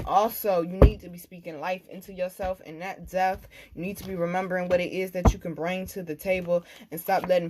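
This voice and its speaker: Blunt, animated woman tarot reader. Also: on the low side, noisy background. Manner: blunt, profane, animated storytelling. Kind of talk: casual tarot reading monologue.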